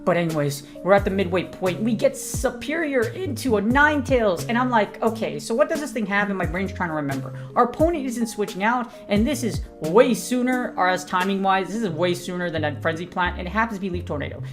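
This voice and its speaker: A woman's voice: mid-range voice, expressive, brisk, hardly any pauses, over music. A woman, a gaming content creator, giving hyped, slangy, joking commentary over her own battle gameplay.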